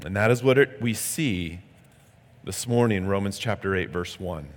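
A man's voice: low-pitched, lively intonation, moderate pace, long reverb tail. A male pastor preaching a sermon in a conversational, earnest way.

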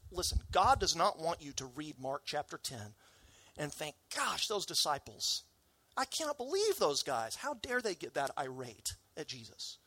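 A male pastor delivering a sermon in a fairly high voice, swinging between loud, emphatic bursts and hushed asides. He talks straight to his listeners with rhetorical questions. The sound is close and dry, with no room echo. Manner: animated, acts out disciples' voices, rhetorical questions.

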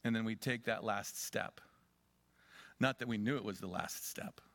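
Bright-voiced male pastor preaching. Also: fairly low pitch, normal speed, vocal fry, no echo. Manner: animated, swinging between loud urging and quiet asides. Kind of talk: sermon.

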